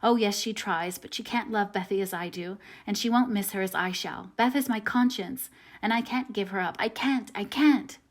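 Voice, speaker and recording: An impulsive, tender-hearted teenage girl from a classic novel, voiced by a woman reading aloud. She swings between heavy sighs and bright, high-pitched outbursts. It is a plain audiobook reading of a storybook character. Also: normal speed, close to an everyday voice. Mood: forlorn, then anguished. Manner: emotional, breaks into high excited cries. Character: passionate tomboyish teenage girl, warmhearted.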